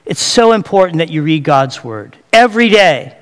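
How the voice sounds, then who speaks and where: A man's voice: fairly high pitch, expressive, normal speed. A man preaching a sermon in a chatty, joking way, throwing rhetorical questions at his congregation. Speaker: pastor. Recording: long hall reverb.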